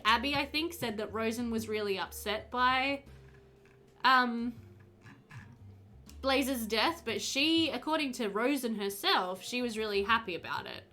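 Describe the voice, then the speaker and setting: A woman's voice: a little high, bright, forceful tone. A woman streaming a murder mystery game, thinking aloud in a chatty, giggly way. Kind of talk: casual game commentary.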